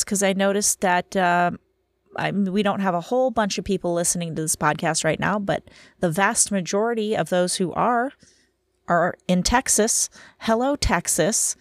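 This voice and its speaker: A woman in her thirties talks through a casual podcast monologue in a lowish voice. She rambles and teases herself, sounding tired from a short night. The recording is dry and close, with no room sound. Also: dry recording. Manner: self-deprecating, chatty, rambling. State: tired from lack of sleep. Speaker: podcast host.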